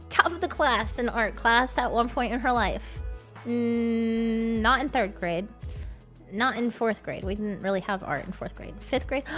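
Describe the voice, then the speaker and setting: A woman streamer chatting casually with her viewers. She is excitable, swears often and shrieks when she thanks people for gifts. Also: fairly high pitch. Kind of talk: casual livestream chat.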